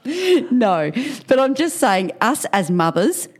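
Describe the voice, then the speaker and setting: Lively, laughing woman. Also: fairly high pitch, slow pace. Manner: frank, laughing, swears freely. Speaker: podcast co-host. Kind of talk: casual chat.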